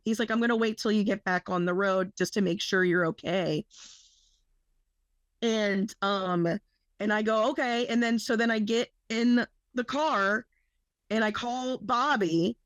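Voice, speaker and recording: Brief: young woman, slightly high voice, casual podcast storyteller who swears a lot, dry close mic. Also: a bit bright, no room sound. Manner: rambling, swears freely, quotes people in her story. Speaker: podcast co-host.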